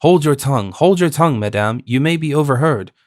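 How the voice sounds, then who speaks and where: A man voicing a cowardly, greedy fifty-year-old mercer in an audiobook, puffed up with pride and quick to panic. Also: mid-range voice, animated, darkish tone, dry recording, studio quality, close to an everyday voice. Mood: nervous. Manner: pompous, then nervous. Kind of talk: audiobook character voice.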